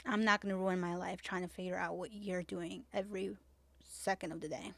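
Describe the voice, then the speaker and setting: A woman's voice: on the low side, steady tone, fairly quick, gravelly, no room sound. A woman hosting a podcast in casual chat, talking emphatically with lots of "like", repeating herself and swearing freely. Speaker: podcast host.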